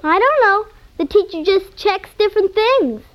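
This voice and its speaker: A high, bouncing little girl's voice, eager and chatty, for a 1950s radio comedy. The sound is dull and dated, like an old broadcast. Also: lively intonation, moderate pace. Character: little girl, first grader, chatty and eager.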